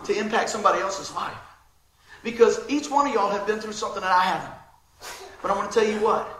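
A pastor delivers his sermon in a high, ringing male voice. He is animated and quick to laugh as he acts out short exchanges for the congregation. The sound is roomy and echoing, like a church sanctuary. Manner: lively, laughing, acts out quotes.

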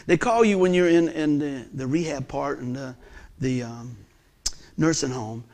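A man, preaching a sermon as a folksy storyteller whose delivery swings from loud bursts to hushed asides. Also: mid-range voice, measured pace. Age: 50s.

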